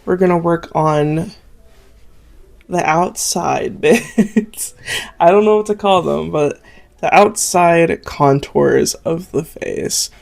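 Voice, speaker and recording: A woman's voice: fairly low pitch, slow, vocal fry, a little mellow. A young Canadian woman, an artist from Southern Ontario, talking through her drawing process in a rambling, self-deprecating, chatty way. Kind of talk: chatty draw-along tutorial.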